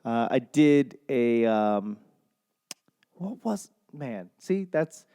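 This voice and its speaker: Speaking extremely slowly, a young Boston comedian uses a mid-range voice with big pitch swings, mellow, clear, and resonant. He hosts a solo podcast where he rambles casually, swears often, and loses his thread.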